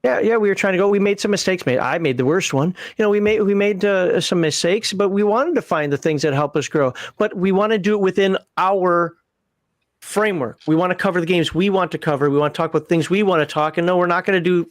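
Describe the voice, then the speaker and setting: A man with a Minnesotan accent hosts a casual call-in show, his voice sitting a little high. He rambles, restarts and corrects himself mid-thought, and the sound is dry and close to the mic. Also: no room sound. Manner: rambling, self-correcting, quick to laugh. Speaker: livestream host.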